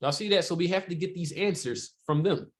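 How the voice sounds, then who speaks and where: A man teaching sales technique in a relaxed, conversational way, often checking in with rhetorical questions and filler words. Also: sits high, brisk. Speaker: sales trainer. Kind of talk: casual sales training talk.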